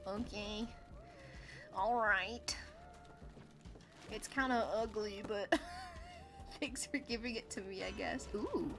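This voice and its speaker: A woman's voice: fairly high pitch, huge pitch swings, slow, long pauses, over music. A woman streamer giving casual gameplay commentary, chatty and giggly with sudden exclamations.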